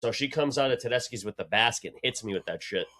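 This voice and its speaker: A man's voice: medium pitch, lively intonation, fast talker, pushed and bright. A man co-hosting a casual podcast, telling long rambling stories full of slang. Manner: rambling, slangy storytelling with "dude". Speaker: podcast co-host. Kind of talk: casual chat.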